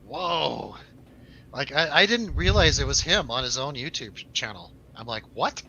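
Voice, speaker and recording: Male co-host, bright forceful tone, laughs a lot, casual banter, faint noise behind. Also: mid-range voice, normal speed, lo-fi sound. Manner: laughs often, jokey asides to viewers. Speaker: co-host of a film review show. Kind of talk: casual chat over drinks.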